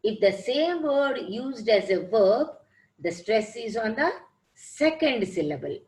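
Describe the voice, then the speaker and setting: Brief: woman, teacher, slow and deliberate, repeats herself patiently for an online class. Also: fairly high pitch, sing-song, a little mellow, poor audio. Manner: patient, repeats points and examples. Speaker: English teacher. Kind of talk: online lecture.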